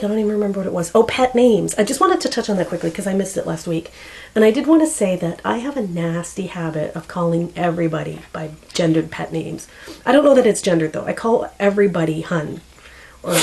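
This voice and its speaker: A Canadian woman in her forties vlogs, chatting casually to the camera, rambling and often searching for words. Her voice is fairly low, a little mellow, with vocal fry, and the recording is rough.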